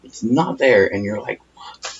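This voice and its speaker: A man's voice: on the low side, lively intonation, moderate pace. A man co-hosting a casual podcast, swearing freely and acting out the voices of people in his stories. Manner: swears freely, acts out quoted voices animatedly. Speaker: podcast co-host. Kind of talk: casual chat. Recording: dull lo-fi sound with faint noise.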